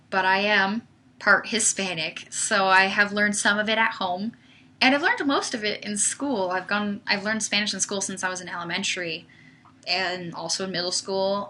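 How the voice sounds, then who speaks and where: A woman's voice: mid-range voice, sharp tone. A young woman hosting a casual livestream, answering viewer questions in a chatty way full of "like" and "um". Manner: chatty, uses filler "like" often. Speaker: livestream host.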